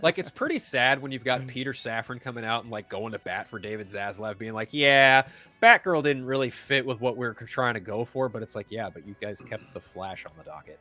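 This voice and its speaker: Blunt, bright-voiced man ranting. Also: mid-range voice, brisk. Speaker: podcast co-host. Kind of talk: casual chat.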